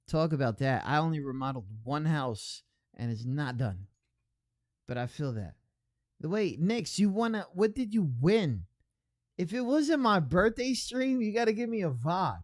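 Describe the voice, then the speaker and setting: A man hosting an online radio stream in casual chat, rambling along and reading out chat messages with shout-outs. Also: high-pitched, no room sound, studio quality.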